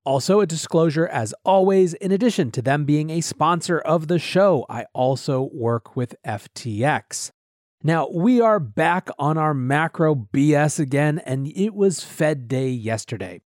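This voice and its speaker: A man hosting a daily markets podcast, talking in an energetic, conversational way. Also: on the high side, measured pace, dry recording, clean studio sound. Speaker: podcast host.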